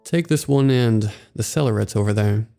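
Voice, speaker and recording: A man's voice: lowish voice, moderate pace, gravelly, mellow, soft background music. A man voicing a polite, well-spoken young newcomer among the movers. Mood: curious. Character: well-spoken young male new hire.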